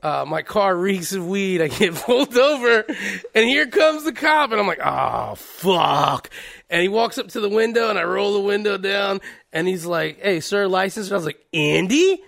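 A man's voice: sits high, a little fast, vocal fry, fairly bright tone. A man co-hosting a casual talk show, telling crude, laughing stories about his youth. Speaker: podcast co-host. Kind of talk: casual storytelling chat.

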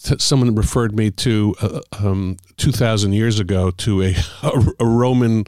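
A man, middle-aged or older, an author telling stories about the craft of writing in a casual, halting way with many fillers. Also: on the low side, a little mellow, no echo, studio quality. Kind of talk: casual conversational storytelling.

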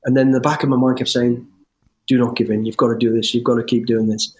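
Fast-talking man. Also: medium pitch, a little hiss or hum. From English West Midlands. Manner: animated, rambling with restarts and swearing. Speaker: interview guest, former soldier. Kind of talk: storytelling in conversation.

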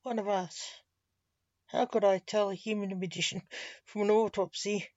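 A woman's voice: medium pitch, steady tone, normal speed, darkish tone, no echo, muffled recording, natural voice. Dante, a morgue assistant read by a woman. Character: male magician assistant at a morgue.

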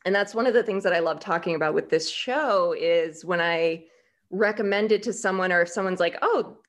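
A woman co-hosting a podcast in casual chat, telling stories in an animated way with many "like" fillers. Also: fairly low pitch, fairly quick. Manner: animated, storytelling, frequent "like" fillers. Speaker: podcast writer and co-host.

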